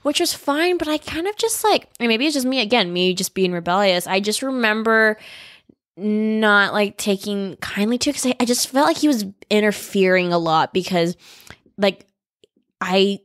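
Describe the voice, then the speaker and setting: A young woman from California telling a story as a podcast guest, animated, full of "like" fillers and casual swearing. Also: mid-range voice, normal speed, no room sound, clean studio sound. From Visalia, California. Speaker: podcast guest, actor and comedian.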